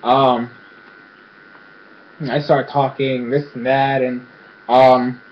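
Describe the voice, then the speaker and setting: A man giving an excited, rambling casual recap as a show reviewer, filling his speech with "freaking" and "like". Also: mid-range voice, slow. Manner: rambling, excitable, fills speech with 'freaking' and 'like'. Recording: dull lo-fi recording.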